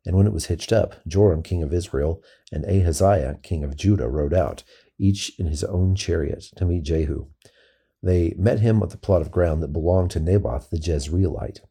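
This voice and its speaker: A man reads scripture aloud at a steady, measured pace. His voice sits very low, with a gravelly, creaky grain. The tone is dark and husky. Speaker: scripture reader. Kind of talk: scripture reading.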